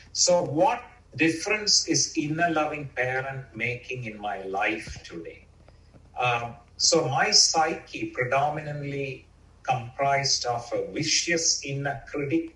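A man's voice: medium pitch, pushed and bright. A man telling a group his personal story in an earnest, reflective way, with casual fillers. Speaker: speaker sharing a personal story. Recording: roomy, from far off.

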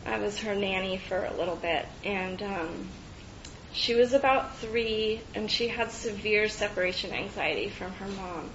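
Slow, halting woman, roomy and dull. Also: a bit bright. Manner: halting, reflective, many fillers and restarts. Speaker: speaker sharing personal story. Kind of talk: personal testimony. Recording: dull roomy recording with faint rumble.

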